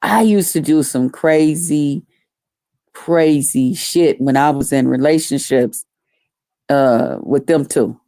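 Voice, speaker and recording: A woman vlogger telling a story casually to her viewers, animated and profane. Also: deep voice, slow pace, dry recording, clean studio sound.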